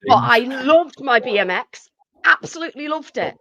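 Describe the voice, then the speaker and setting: A woman's voice: sits high, lively intonation, normal speed, fairly bright tone. A woman co-hosting a podcast in blunt, sweary, chatty talk. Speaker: podcast co-host. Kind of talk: casual podcast chat. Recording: dull dry sound.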